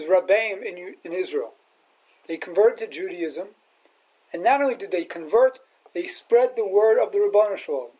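This man's voice sits high with a breathy edge, and the audio quality is poor. As a rabbi and teacher, he preaches a sermon in which he retells a film scene, acting out its lines with animated energy.

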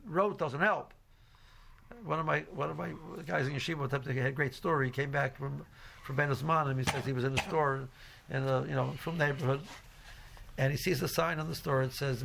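A man's voice: on the high side, steady tone, normal speed, vocal fry, fairly bright tone, slight background noise. A middle-aged man teaching a casual Torah class, rambling with many fillers and restarts and mixing in Hebrew phrases. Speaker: yeshiva teacher.

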